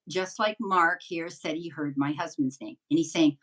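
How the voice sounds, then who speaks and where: An older woman with a lowish voice tells long, rambling stories as a medium guest in a relaxed interview. She sounds a little distant from the microphone. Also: moderate pace. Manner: rambling, chatty anecdotes. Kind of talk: casual storytelling interview.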